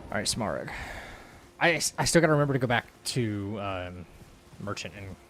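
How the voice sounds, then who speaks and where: A man's voice: fairly low pitch, animated, moderate pace, fairly bright tone, slight background noise. Loose, rambling male game streamer. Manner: rambling, loose, full of "like" and restarts, reads chat aloud. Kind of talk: casual live-stream chat while playing.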